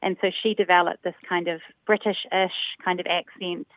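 On a dry, tinny phone line without echo, a woman from New Zealand speaks at a fairly low pitch in a level tone. As a linguist guest, she gives measured, thoughtful explanations in interview form, often saying um.

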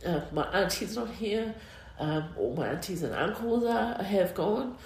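A middle-aged woman with a New Zealand accent, speaking in an interview with many fillers, emotional and halting. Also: medium pitch, expressive, a little mellow, a little hiss or hum. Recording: roomy echo.

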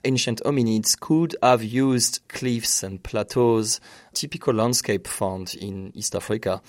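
A man's voice: lowish voice, a little slow, no room sound. A male researcher giving explanatory interview answers in an earnest way, often restarting and searching for phrasing. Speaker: researcher guest.

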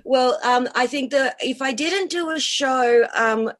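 Enthusiastic woman with a higher voice. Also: measured pace. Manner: enthusiastic, piles up long lists. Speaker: cabaret and burlesque performer, interview guest. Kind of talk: casual radio interview.

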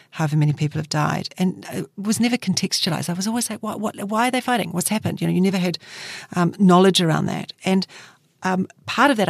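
Gravelly New woman journalist. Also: low-pitched, no room sound, clean studio sound. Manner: thoughtful, with frequent fillers and restarts. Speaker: journalist guest. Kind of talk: reflective interview talk.

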